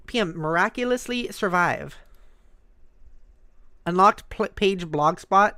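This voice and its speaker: A woman's voice: fairly low pitch, animated, takes it slowly, long pauses, sharp tone. A woman giving playful, giggly commentary while she plays a video game, with lots of sound effects. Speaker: let's play streamer. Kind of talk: casual gameplay commentary.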